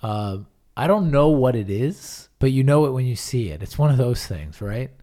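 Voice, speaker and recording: A man's voice: medium pitch, very animated, normal speed, dark tone. A man co-hosting a podcast in casual chat, blunt and emphatic, swearing freely. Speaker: podcast co-host.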